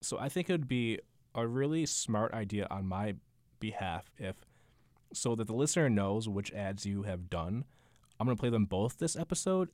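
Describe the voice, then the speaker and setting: Male podcast host, low register, loose rambling delivery, dry studio sound. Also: darkish tone, no room sound. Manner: rambling, self-deprecating. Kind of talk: casual interview chat.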